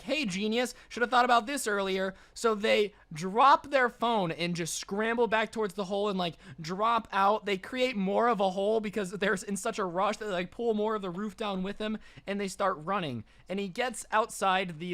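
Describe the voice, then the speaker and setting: In a dry recording, a man with a high voice tells a scary story in casual storytime style. He's animated and joking, tossing in slangy asides, like a storytime YouTuber.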